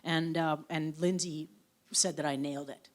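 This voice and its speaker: A woman's voice: low-pitched, steady tone, normal speed. A woman from the Yukon, an author in an onstage conversation, telling frank family anecdotes with casual swearing. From Yukon, Canada. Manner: anecdotal storyteller, frank and profane. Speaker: author guest. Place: live event on stage.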